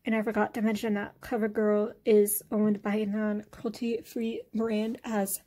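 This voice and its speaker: A woman vlogger casually reviewing beauty products, relaxed and hesitant, with many fillers. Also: medium pitch, a little slow.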